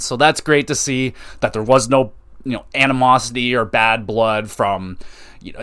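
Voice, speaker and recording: A man's voice: medium pitch, a bit bright. Profane, rambling young hockey-fan man. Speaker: podcast host. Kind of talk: casual solo podcast talk.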